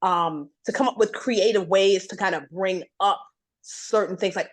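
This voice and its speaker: A woman guest telling a long career story in a conversation, acting out what others said to her with big jumps in pitch. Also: moderate pace. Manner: animated, acts out quoted voices with big pitch jumps.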